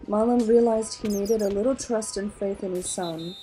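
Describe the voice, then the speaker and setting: A woman with an Australian accent reading a children's novel aloud in an animated, expressive way. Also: mid-range voice, normal speed, soft background music, low-quality recording. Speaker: storybook reader.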